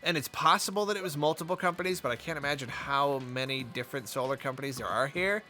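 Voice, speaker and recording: A man's voice: a little high, fast talker, sharp tone. A man telling a rambling, chatty story in casual commentary while he plays a game. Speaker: gaming video host.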